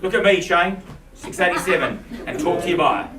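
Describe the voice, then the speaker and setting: A man calling bids in a live auction, with quick, playful patter for the bidders. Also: high-pitched, a crowd in the background. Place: auction room. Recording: echoey room from far off.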